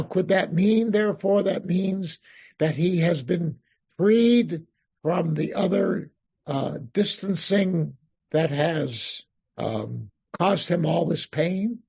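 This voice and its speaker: A man, a rabbi, teaching an interactive Psalms class, reading Hebrew verses slowly and then explaining them while thinking aloud. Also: a little high, gravelly, a little mellow, breathy edge. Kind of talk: interactive text study class. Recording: dull lo-fi class recording.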